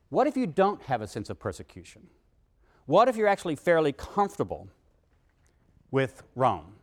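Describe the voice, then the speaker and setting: A man giving a classroom lecture, leading his students in a group chant and then explaining the text in a lively, engaged way. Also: on the high side. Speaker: university lecturer.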